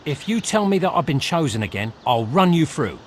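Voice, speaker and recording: A man's voice: a little high, big pitch swings, a little fast, slight background noise. An actor playing a sarcastic, greedy male hero in a video game, with a snarky, dismissive way of talking. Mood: irritated.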